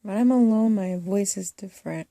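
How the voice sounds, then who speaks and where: Soft, halting woman with a gravelly edge. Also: medium pitch, dry recording, clean studio sound. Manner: soft-spoken, halting, hesitant. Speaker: first-time filmmaker. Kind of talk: confessional documentary talk.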